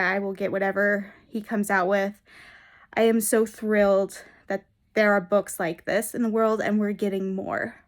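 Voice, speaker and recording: A young adult woman chatting casually in a reading vlog, gushing and enthusiastic, rambling with frequent restarts. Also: medium pitch. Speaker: book vlogger.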